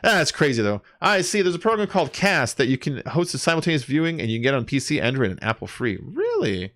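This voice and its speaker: A man's voice: mid-range voice, expressive, fast talker, a bit bright, no echo, clean studio sound. A young man streaming a game, chatting casually and rambling, with some swearing and counting aloud as he plays. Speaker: gaming streamer. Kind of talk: casual gameplay chat.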